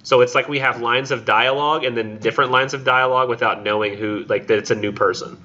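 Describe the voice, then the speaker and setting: Bright-voiced casual male instructor. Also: medium pitch, fairly even intonation, quick pace. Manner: casual and chatty, heavy use of "like". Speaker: college literature instructor. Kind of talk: classroom lecture with poetry reading. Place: classroom. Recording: dull lo-fi classroom recording.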